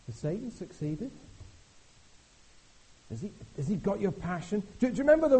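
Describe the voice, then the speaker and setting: This is a middle-aged man delivering a sermon in a chatty, animated way. His voice is husky and mellow, and it sits a little high for a man. He keeps jumping from quiet, confiding asides to loud exclamations. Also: brisk, rough recording. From Britain. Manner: animated, conversational, jumps between hushed and exclaiming. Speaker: visiting preacher.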